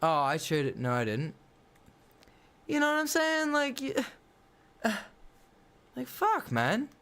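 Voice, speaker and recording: A man's voice: very high-pitched, huge pitch swings, slow pace, a bit bright, clear, resonant tone. A man livestreaming a game, chatting with viewers in a blunt, slangy, opinionated way. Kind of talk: casual chat while gaming.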